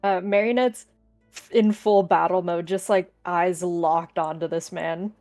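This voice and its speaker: Slow, giggly woman player. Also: fairly low pitch, steady tone, darkish tone, faint music behind. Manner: giggly, slow, sing-song narration. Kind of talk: describing her character's actions.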